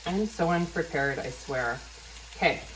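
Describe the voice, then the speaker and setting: A woman chatting casually while cooking in her home kitchen, thinking out loud and poking fun at herself, with a pan sizzling behind her. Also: low-pitched, measured pace, echoey room, a little hiss or hum. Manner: chatty, self-deprecating, thinks aloud. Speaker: vegan cooking vlogger. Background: frying and sizzling from the pan.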